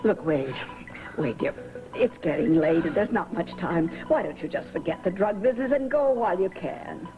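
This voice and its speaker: A woman's voice: fairly low pitch, expressive, moderate pace, close to an everyday voice. An actress in a 1980s TV soap, scornful and frightened as she confronts a man. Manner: scornful, pleading, then insulting. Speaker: soap opera character. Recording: tinny old TV broadcast with music.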